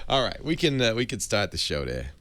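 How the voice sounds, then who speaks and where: A man's voice: fairly low pitch, noisy background. A man hosting a talk show, chatting casually and reacting with frequent exclamations. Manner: expressive, reacts with exclamations and laughs. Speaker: host. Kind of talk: casual chat.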